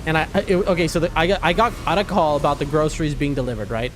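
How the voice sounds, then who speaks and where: A man's voice: fairly high pitch, fairly even intonation, quick pace, slight background noise. A man chatting casually as a game streamer, telling a rambling story and reacting to his gameplay with frequent laughs and restarts.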